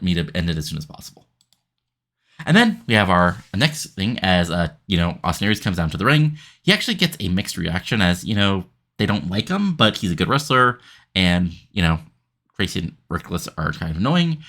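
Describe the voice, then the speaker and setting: Brief: male game commentator, low-pitched, lively intonation, casual and rambling. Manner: rambling, filler-heavy recapping. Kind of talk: casual let's-play commentary.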